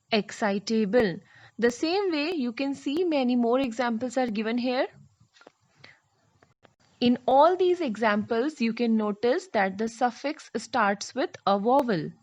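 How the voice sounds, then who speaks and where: Slow, patient woman teacher, somewhat high-pitched, repeats each spelling rule. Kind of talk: explaining spelling rules to learners.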